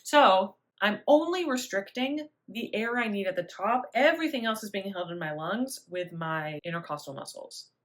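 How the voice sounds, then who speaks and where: A young adult woman voice teacher explaining breathing in a relaxed, chatty way with little laughs. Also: mid-range voice, moderate pace, hardly any pauses. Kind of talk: spoken singing lesson.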